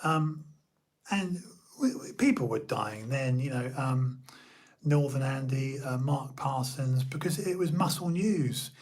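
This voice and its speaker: A man's voice: mid-range voice, expressive, takes it slowly. A middle-aged man from Bournemouth, telling old stories in a rambling casual chat full of fillers and restarts. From Bournemouth, England.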